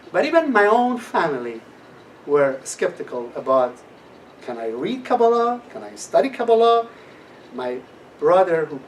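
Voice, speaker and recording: A middle-aged man gives a personal testimony talk at a class, telling his story with animation and acting out the voices of people he quotes. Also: fairly high pitch. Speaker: guest speaker at a class. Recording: distant mic with faint room noise.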